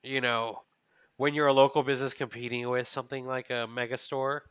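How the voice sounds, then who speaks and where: Chatty male co-host, bright forward voice, dry and slightly dull podcast sound. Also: medium pitch, little pitch movement, brisk, smooth, no room sound. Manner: chatty, musing, thinks aloud. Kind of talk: casual chat.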